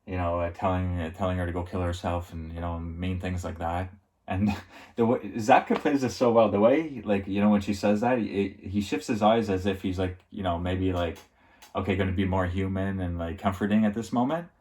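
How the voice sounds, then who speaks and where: A man's voice: deep voice, brisk, a little mellow. A man reviewing a TV episode in a casual, rambling recap, full of filler words and chuckles. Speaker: TV show reviewer.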